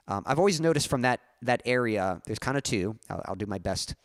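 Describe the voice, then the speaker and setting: A man's voice: medium pitch, expressive, a little fast, dry recording, studio quality. A young man chatting casually on his music live stream, rambling and correcting himself with small chuckles.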